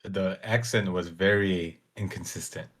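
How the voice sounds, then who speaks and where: A man's voice: deep voice, fairly even intonation, unhurried, a bit bright, breathy edge. A man co-hosting a casual podcast, teasing his partner and searching aloud for words. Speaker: podcast co-host.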